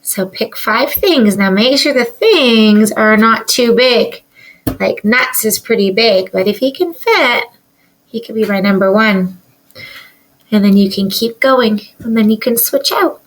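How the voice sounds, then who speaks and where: A woman teaching a recorded lesson to young children, slowly sounding words out syllable by syllable, with sing-song rises when she counts and praises. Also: fairly high pitch, lively intonation, poor audio. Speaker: kindergarten teacher.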